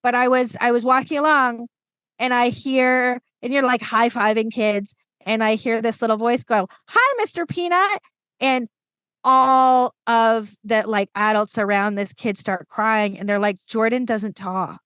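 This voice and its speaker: A woman storytelling coach chatting as a podcast guest, lively and enthusiastic with quick asides. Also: on the high side, smooth, no echo. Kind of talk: casual conversation.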